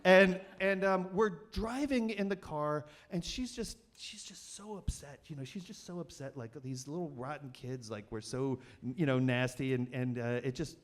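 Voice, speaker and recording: Guy hosting a storytelling night, rambling, lots of um and like, kinda high voice. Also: moderate pace, few pauses. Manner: rambling and self-deprecating, many fillers and restarts. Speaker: storytelling show host. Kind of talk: live comedic storytelling.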